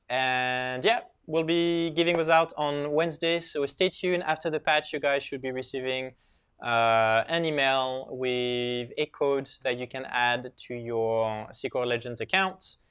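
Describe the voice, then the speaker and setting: Smooth-voiced man making stream announcements. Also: medium pitch, dry recording, studio quality. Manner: relaxed, informal, addresses viewers. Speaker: live stream co-host. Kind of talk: casual live-stream announcements.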